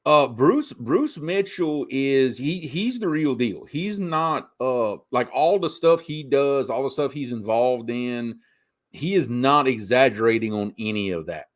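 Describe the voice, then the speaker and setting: A middle-aged man with a softened Cajun accent from south Louisiana. He co-hosts a laid-back chat, spinning stories with lively asides at an ordinary pitch. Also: measured pace. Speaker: co-host. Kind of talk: casual chat.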